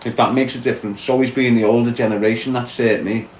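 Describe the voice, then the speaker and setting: Speaking quickly at medium pitch with fairly even intonation, a Scouse streamer from Liverpool answers viewer comments in a casual chat. He's blunt and streetwise, calling chat mate and lad, in an echoey room with faint background noise.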